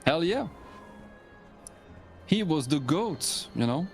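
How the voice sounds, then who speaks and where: A man's voice: fairly high pitch, big pitch swings, takes it slowly, soft background music. A man chatting casually while playing an online game, enthusiastic and full of fillers and restarts. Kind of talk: casual gaming chat.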